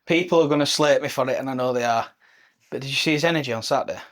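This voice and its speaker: A man's voice: mid-range voice, racing, a bit bright. A man, co-hosting a football podcast, talking earnestly and chattily. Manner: earnest, chatty, says "do you know what I mean". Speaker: podcast co-host. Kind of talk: casual football chat.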